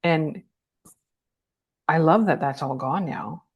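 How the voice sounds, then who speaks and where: A woman's voice: low-pitched, slow pace, breathy edge, muffled recording. A woman speaking as a guest in a candid conversation, blunt and emphatic, swearing freely. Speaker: guest, cancer survivor.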